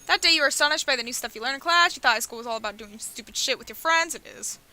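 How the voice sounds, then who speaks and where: A woman's voice: sits high, very fast, pushed and bright. A young woman streaming a dating game, reading its text and dialogue aloud with playful, cheeky commentary. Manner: playful, reads character lines in her own voice, laughs and swears.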